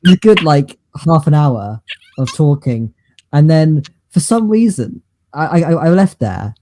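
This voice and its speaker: A man co-hosting a podcast, telling stories in a halting, rambling way with many fillers and restarts. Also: fairly high pitch, sing-song, mellow. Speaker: podcast co-host. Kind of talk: casual chat.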